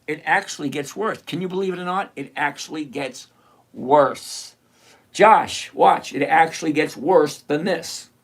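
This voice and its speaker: With a medium-pitched voice, a middle-aged host gives casual livestream commentary, speaking straight to one viewer in a teasing, sarcastic way. He goes over points slowly and mumbles to himself while searching the screen.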